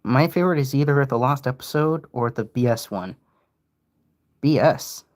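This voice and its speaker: A man's voice: mid-range voice, moderate pace. A young man giving casual, rambling livestream commentary, often interrupting himself. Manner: rambling, self-interrupting, animated. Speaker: streamer.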